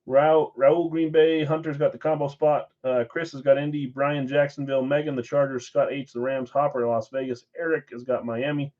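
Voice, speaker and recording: A man hosting a live-stream card break, briskly calling out names and assignments with chatty asides in between. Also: mid-range voice, level tone, a little mellow, highs cut off. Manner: brisk name-and-team roll call with chatty asides. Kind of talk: casual live-stream roll call.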